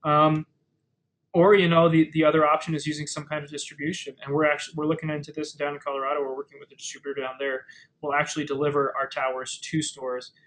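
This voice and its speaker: A man with a somewhat high-set voice walks listeners through practical advice in an easy, conversational webinar tone. He pads his sentences with fillers and often restarts mid-phrase. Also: flat delivery, fast, fairly bright tone, rough recording. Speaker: webinar presenter. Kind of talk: casual explanatory webinar talk.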